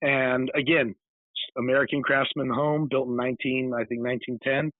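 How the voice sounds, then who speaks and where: A man's voice: medium pitch, fairly even intonation, moderate pace, no echo. A man from California, a guest author and paranormal investigator, telling a long rambling story in a casual interview. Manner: rambling, digressive storytelling with many restarts. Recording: tinny phone-like line, dry.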